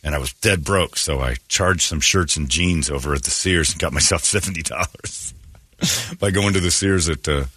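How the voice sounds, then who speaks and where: A man hosting a morning radio show, telling self-mocking stories in casual chat and acting out quotes loudly. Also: very deep voice, normal speed, no room sound, studio quality. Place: radio studio. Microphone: studio microphone.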